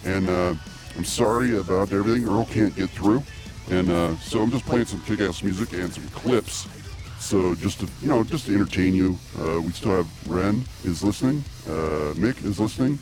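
A low-voiced man hosts a comedy podcast in a loose, rambling way and keeps apologizing. Music plays clearly behind him. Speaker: podcast host. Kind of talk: casual talk.

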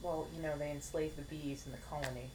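Blunt sarcastic woman, low voice. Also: steady tone, fast, heavy background noise. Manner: blunt, sarcastic, swears freely. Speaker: podcast co-host. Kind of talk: casual chat.

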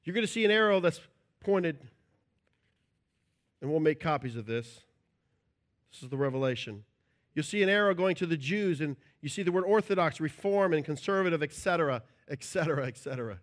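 A middle-aged man preaching a sermon as a pastor, animated and playful, acting out little scenes with shouts and joking voices. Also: on the high side, normal speed, pauses often.

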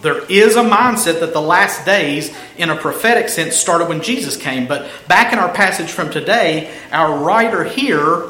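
Bright-voiced man preaching in an echoey room. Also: fairly high pitch, animated. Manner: emphatic, stretches key phrases slowly. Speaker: pastor. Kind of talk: expository sermon. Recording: echoey room with faint ambience.

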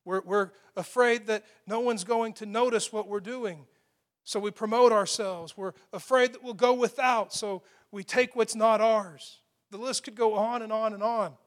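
A pastor delivering an emphatic sermon in a fairly high voice. He presses his points hard and then drops into a hushed tone for quoted lines. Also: measured pace. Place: church with a loud PA system.

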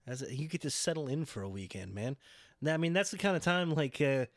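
A man's voice: fast talker, no room sound, clean studio sound. A man co-hosting a podcast, chatting casually about wrestling and acting out quotes in mocking voices. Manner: animated, acts out quotes in high mocking voices. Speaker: podcast co-host.

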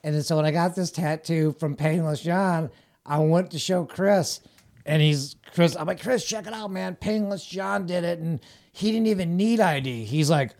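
A man's voice: fairly high pitch, normal speed, darkish tone. A middle-aged man chatting casually as a guest, telling rambling stories with laughs and acted-out quoted voices. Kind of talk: casual storytelling chat.

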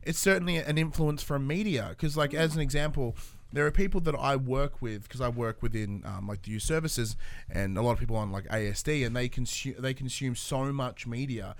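A man's voice: medium pitch, fairly quick, no room sound. An Australian man joins a casual podcast roundtable, his mid-range voice recorded dry and close. He tells anecdotes loosely, with a casual swear here and there.

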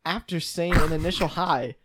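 A man co-hosting a comedy podcast who reads listener posts aloud, animated and playful, with sudden loud outbursts. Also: a little high, normal speed. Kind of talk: casual comedic chat, reading aloud.

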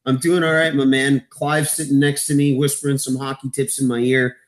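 A man from Eastern Canada, co-hosting a hockey podcast as the analyst, jokey and excitable. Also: a little fast. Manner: excitable, jokey, jumps in pitch when amazed. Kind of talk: sports podcast chat.

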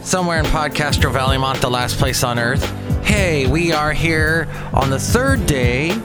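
A man's voice: fairly high pitch, animated, a little slow, over loud music. Chatty exasperated male podcast host. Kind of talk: casual solo podcast monologue.

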